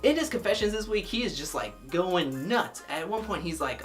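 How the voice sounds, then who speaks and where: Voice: medium pitch, big pitch swings, normal speed, soft background music. A vlogger giving a casual, opinionated recap of a reality show episode, talking freely with lots of "like" fillers.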